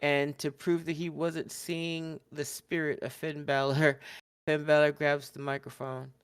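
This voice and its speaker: A man on a podcast, talking slowly in a clean, smooth voice with a slightly higher pitch. He recaps wrestling in casual chat, animated and quick to laugh, and he often acts out the wrestlers' lines. The sound is dry and close. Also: no echo. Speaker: podcast co-host.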